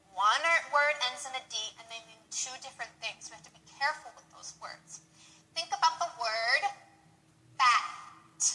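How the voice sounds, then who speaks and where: A woman teaching English pronunciation to Spanish speakers, patient and encouraging, modeling each word slowly and clearly. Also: high-pitched, bright, forceful tone, rough recording. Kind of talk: slow, clear pronunciation lesson.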